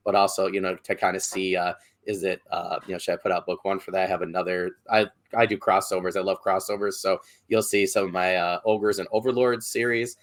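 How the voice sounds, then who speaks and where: Deep fast-talking man rambling. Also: flat delivery. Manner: rambling, filler-heavy. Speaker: podcast host. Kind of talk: casual podcast chat. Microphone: video call.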